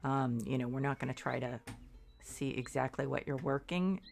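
A woman's voice: extremely low pitch, moderate pace, vocal fry, a little mellow, soft background music. A congested middle-aged woman chatting casually while streaming a game, rambling and second-guessing herself. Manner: rambling, self-doubting, restarts often. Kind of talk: casual gameplay commentary.

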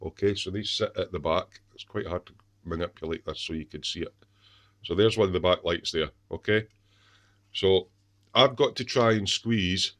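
A man with lots of ums and restarts, showing his model truck build in a casual workshop video. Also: low voice. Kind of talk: casual workshop show-and-tell.

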